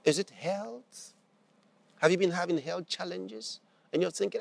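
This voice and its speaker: A man with a high, gravelly voice delivers a sermon in storytelling fashion, repeating key phrases for emphasis. The sound is dry and close. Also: unhurried, no room sound. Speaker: preacher.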